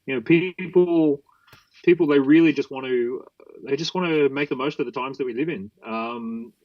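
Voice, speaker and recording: Animated man telling stories, lo-fi line. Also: medium pitch, moderate pace. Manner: animated anecdotes with acted-out quotes. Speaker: guest. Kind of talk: storytelling interview talk.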